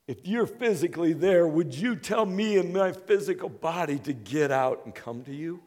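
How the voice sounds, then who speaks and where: A man preaching a sermon as earnest storytelling, moving between hushed, quiet passages and loud, excited bursts. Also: a little high, normal speed, hardly any pauses. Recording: long reverb of a hall.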